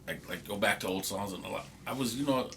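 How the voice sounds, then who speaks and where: A middle-aged man with a very low, bright-edged voice talks in a laid-back, reflective way as a guest in a casual interview. He keeps checking in with his listener as he goes. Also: fast, creaky, slight background noise. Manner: laid-back and reflective, often adds "you know what I mean". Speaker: guest, reggae and hip hop artist.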